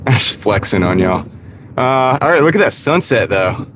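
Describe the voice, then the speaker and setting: Inside his car, with road noise audible, a gig delivery driver streams live in a medium-pitched, animated voice at normal speed. His chat is casual and self-mocking, and he greets viewers by name.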